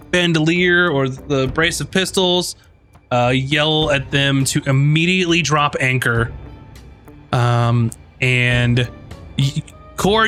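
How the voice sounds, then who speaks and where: A man narrates as game master with a bright, forceful tone and a fairly high voice. He takes his time, pausing over words and filling gaps with ums and uhs. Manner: halting, full of ums and uhs.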